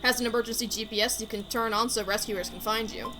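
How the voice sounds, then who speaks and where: A woman voicing a deadpan uncle in a video game who lists gadget features like a salesman. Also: a little high, quick pace, faint music behind, poor audio. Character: gear-proud adult uncle, deadpan.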